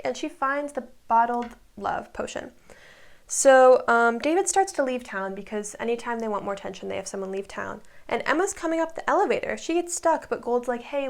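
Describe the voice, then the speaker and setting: A woman talks through a show recap in a casual, breezy way, tossing in quick asides as she paraphrases scenes. Her voice sits a bit high, with a gravelly, creaky edge running through it. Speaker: recap vlogger.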